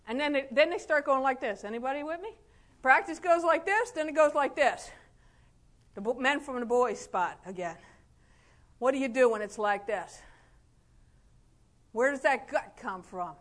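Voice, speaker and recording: A middle-aged woman with a high voice gives a motivational speech to fellow chiropractors. She talks in a folksy, lively way, laughing often and acting out what people said to her. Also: normal speed, pauses often. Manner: folksy, animated, laughs often, acts out quotes. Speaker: chiropractor giving a talk.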